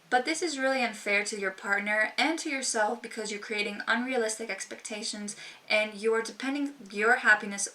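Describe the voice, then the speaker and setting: A woman's voice: mid-range voice, bright, forceful tone. A young woman talking to camera in a sassy, emphatic, informal way. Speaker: vlogger. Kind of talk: casual talk to camera. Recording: voice slightly distant from mic.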